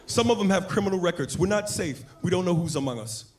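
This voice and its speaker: A man voicing a complaining white American man who gripes slowly and fearfully. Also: sits high, lively intonation. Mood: griping. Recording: live club recording with loud crowd and noise.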